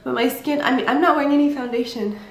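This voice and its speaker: A woman's voice: high-pitched, fast, echoey room. A tired young woman vlogging casually at home, chatty and candid, with frequent ums and laughs. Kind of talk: casual pregnancy vlog. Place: home room.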